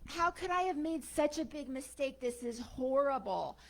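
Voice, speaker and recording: A woman's voice: mid-range voice, measured pace, creaky, husky. A woman voicing an eager, flustered woman in a spoken parable. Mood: upset. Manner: flustered, chatty. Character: eager woman who catches a bird.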